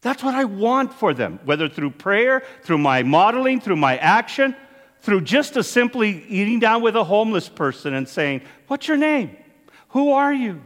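A man's voice: high voice, very animated, normal speed, fairly bright tone, big-room sound. A man preaching a sermon as a priest, earnest and emphatic, his voice rising and falling as he makes each point. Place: church.

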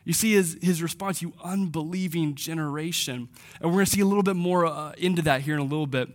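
A pastor giving a conversational sermon, slowing down and dropping his voice for emphasis. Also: on the high side. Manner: conversational preaching, slows for emphasis.

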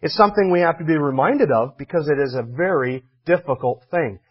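A man's voice: fairly high pitch, a little fast, husky, highs cut off. A man preaching a sermon as a pastor, in a conversational way with dry humor and emphatic repetition.

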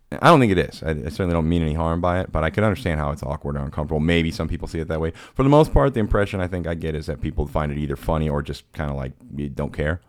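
Podcast host, man, extremely deep voice, casual rambling storyteller, crude and self-deprecating. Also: dry recording, studio quality. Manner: rambling, profane, self-mocking with quoted impressions.

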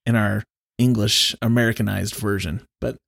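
A man's voice: lowish voice, fairly even intonation, normal speed, gravelly, fairly bright tone, dry recording, studio quality. A man co-hosting a podcast, playful and enthusiastic in casual chat. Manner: playful, enthusiastic, jumps between words. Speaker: podcast co-host.

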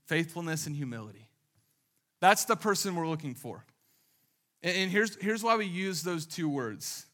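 A pastor delivers a relaxed, conversational sermon and leans on lively anecdotes packed with casual fillers. He speaks in a somewhat high register with a bright, forward edge. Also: a little slow. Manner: casual, animated storytelling with many fillers.

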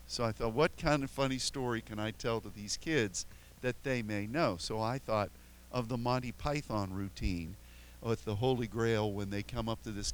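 Here the recording is rough, carrying the mid-range voice of an older American pastor. He rambles through self-mocking stories with many restarts as a lead-in to his sermon.

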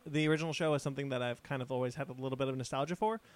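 A man's voice: medium pitch, fairly even intonation, rapid-fire. A man co-hosting a casual podcast chat, talking with enthusiasm and plenty of hesitant fillers and restarts. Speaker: podcast co-host.

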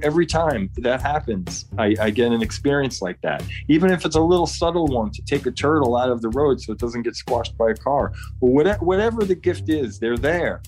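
A man's voice: medium pitch, a little mellow. A man talking earnestly as an interview guest, often repeating words as he speaks. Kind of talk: casual interview talk.

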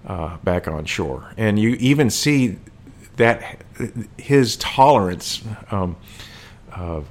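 A man's voice: lowish voice, expressive, slow. A man discussing a war film in casual conversation, thoughtful and hesitant, with frequent fillers and restarts.

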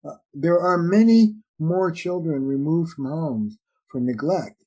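Mellow-voiced man explaining relationship ideas. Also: fairly high pitch, unhurried, rough recording. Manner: animated, acts out little dialogues with shifting voices. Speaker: relationship therapist and author. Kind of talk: conversational interview answers.

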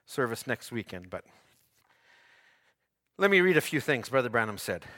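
A man preaching a fervent sermon as pastor, stammering into repeats and climbing to shouts. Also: mid-range voice, very animated, moderate pace. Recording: long reverb in a church hall.

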